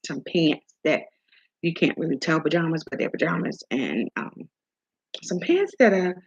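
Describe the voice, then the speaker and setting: A woman's voice: low voice, very animated, normal speed, slightly rough. A middle-aged woman from Maryland hosting a casual chat, telling chatty stories and acting out the dialogue. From Maryland, USA. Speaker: host. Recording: dull lo-fi sound.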